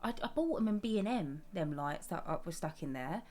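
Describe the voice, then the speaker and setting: A woman talks her way through a relaxed live stream from her desk at home. Her voice sits a touch low, and her chat is easy and affectionate, greeting each viewer fondly as she goes. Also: fairly quick. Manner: chatty and affectionate, calls viewers "my darling".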